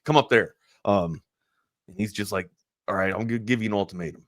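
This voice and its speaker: A man hosting a sports talk show, telling a long personal story in a rambling, animated way full of restarts. He is from Maryland. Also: lowish voice, fairly quick, no echo, clean studio sound. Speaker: sports talk radio host.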